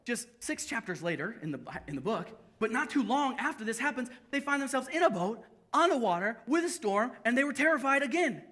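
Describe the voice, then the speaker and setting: A young adult man pastor, high-voiced, delivers a church sermon full of lively storytelling and jokes at his own expense.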